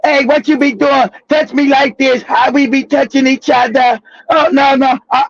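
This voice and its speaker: A man hosting a live talk show. He tells a casual, profane, animated story, laughing often and bursting into shouts. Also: very high-pitched, measured pace. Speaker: show host. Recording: dull, dry lo-fi audio.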